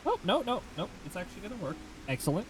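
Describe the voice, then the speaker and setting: A man's voice: high voice, sing-song, fast, noisy background. A man streaming a game live, chatting casually and self-mockingly and reading chat messages aloud.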